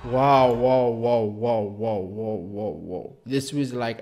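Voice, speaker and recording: A man from Algeria hosting a reaction video, talking excitedly in broken English with many exclamations. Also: mid-range voice, takes it slowly, soft background music.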